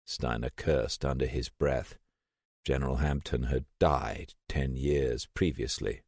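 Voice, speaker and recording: A man narrating an audiobook in expressive scripted storytelling. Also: a bass voice, unhurried, dry recording, studio quality.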